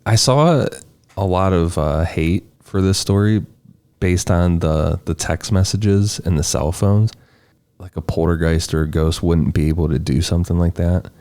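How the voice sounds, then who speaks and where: Brief: male podcast co-host, casual storyteller, deep and dark. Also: a little slow. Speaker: podcast co-host presenting the case.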